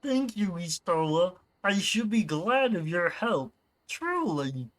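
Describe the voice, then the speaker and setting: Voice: mid-range voice, sing-song, slow pace. A streamer putting on a cheerful male frog puppet voice, nasal with an up-down lilt at the ends of sentences, while reading game dialogue. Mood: polite.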